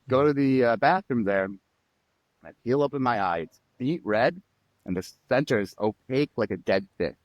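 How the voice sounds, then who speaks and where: Guy telling wild stories on a podcast, kinda low voice, super dry sound, acts out the bits. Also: fairly quick, no room sound. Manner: animated storyteller, acts out quotes and sound effects. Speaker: guest. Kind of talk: storytelling in a podcast interview.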